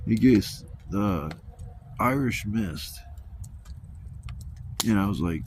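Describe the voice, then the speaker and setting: A man's voice: on the low side, animated, drawn-out words, long pauses. A man telling rambling, profane stories in a laid-back, casual way while camping outdoors. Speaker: vlogger. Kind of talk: casual storytelling. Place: outdoors at a campsite. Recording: noisy outdoor ambience.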